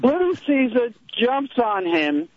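A man's voice: extremely high pitch, very animated, takes it slowly, dull audio. A male caller telling a story in a casual, hesitant way, with many fillers and restarts.

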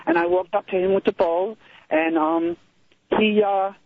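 A man's voice: sits high, sing-song, unhurried, vocal fry, narrow, tinny audio. A male caller telling a story in a casual, hesitant way, with many fillers and restarts.

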